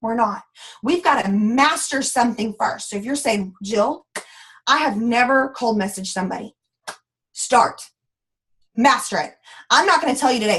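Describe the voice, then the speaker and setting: A woman giving an energetic, preachy motivational training talk to her sales team. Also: high-pitched, brisk. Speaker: network marketing team leader.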